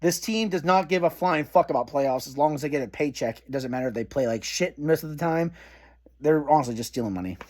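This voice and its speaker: A man's voice: a little high, quick pace. A man ranting in frustration as a sports fan, swearing heavily as he talks. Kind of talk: angry fan rant.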